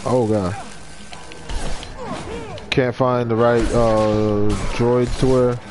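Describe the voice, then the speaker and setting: A man's voice: medium pitch, flat delivery, extremely slow, music in the background. A man giving playful let's play commentary, joking and talking to his pets while he games. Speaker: game streamer.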